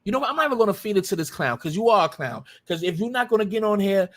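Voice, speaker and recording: A man's voice: high-pitched, expressive, racing. A man hosting a livestream, arguing in a combative, profane way and repeating himself for emphasis. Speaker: live stream host. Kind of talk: heated livestream commentary.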